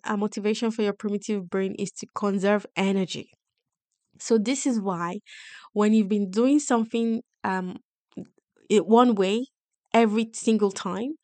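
A woman's voice: medium pitch, darkish tone, no echo. A woman hosting a coaching podcast, teaching in an explanatory monologue and checking in with listeners often. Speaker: podcast host and wealth coach.

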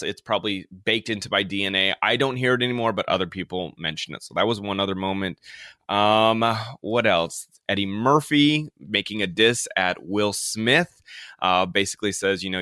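A man chats casually as a co-host, recapping and rambling with fillers. His voice sits a little low and comes across bright and forceful, recorded dry and close. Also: dry recording. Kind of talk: casual chat.

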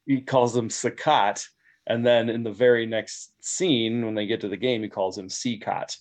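A man's voice: medium pitch, steady tone, moderate pace, darkish tone. A man as guest expert, explaining at length with many fillers. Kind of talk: casual discussion.

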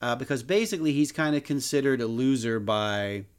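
A man's voice: mid-range voice, fairly quick, clear, resonant tone. A man co-hosting a podcast, reviewing films in casual chat with wry, playful humor. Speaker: podcast co-host.

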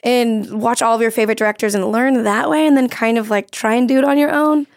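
A woman's voice: a little high, steady tone, fast, no echo. A woman from Florida hosting a comedy podcast, chatting in a bubbly, giggly way. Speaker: podcast host. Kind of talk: casual comedic chat.

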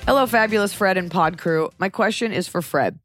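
A woman's voice: medium pitch, a little fast, fairly bright tone, faint music behind. Woman with a thick New York accent. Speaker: listener sending a question. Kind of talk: recorded listener question.

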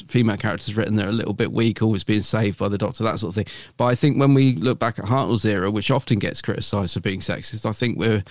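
A man's voice: lowish voice, darkish tone, no echo, clean studio sound. A man co-hosting a podcast, chatting casually and rambling a little, with many fillers and restarts. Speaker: podcast co-host.

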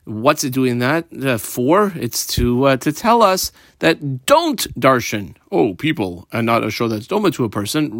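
A man leads a Talmud class, reading Aramaic phrases and explaining them in casual English while he marks up his page. His pitch moves a lot as he teaches. The recording is dry and close. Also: very animated, measured pace, few pauses, fairly bright tone, no room sound.

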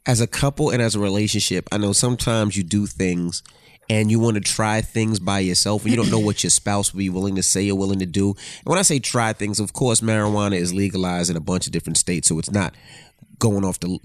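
A man co-hosting a podcast, telling a story in casual chat and acting out quotes in high voices. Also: steady tone, brisk, dry recording. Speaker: podcast co-host.

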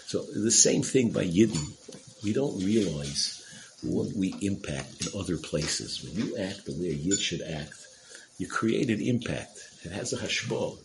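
A man's voice: sits low, animated, unhurried, gravelly, a little hiss or hum, low-quality recording. A man telling a religious story and drawing a lesson from it, in a casual, conversational way with fillers and restarts. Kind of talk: storytelling Torah talk.

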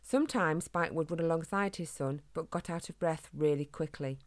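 A woman narrating a children's storybook in a calm, gentle way. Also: low-pitched, normal speed, no echo. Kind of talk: storybook reading.

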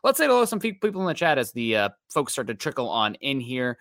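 Male stream co-host, relaxed chat tone, crisp bright voice, dry close mic. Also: medium pitch, fast talker, dry recording. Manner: reads viewer comments aloud, easygoing. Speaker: co-host of a fan livestream. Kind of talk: casual livestream chat.

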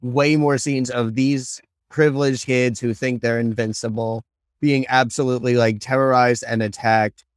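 A man co-hosting a casual podcast, reviewing a bad movie with quick, laughing, hyperbolic talk. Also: medium pitch, steady tone, dry recording, studio quality. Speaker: podcast co-host.

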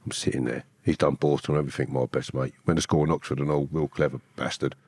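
A man's voice: a bass voice, fairly even intonation, quick pace, a little mellow, slightly rough, no echo, clean studio sound. A man in his fifties, telling his story bluntly in streetwise slang. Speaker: guest who committed a kidnapping. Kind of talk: candid storytelling.

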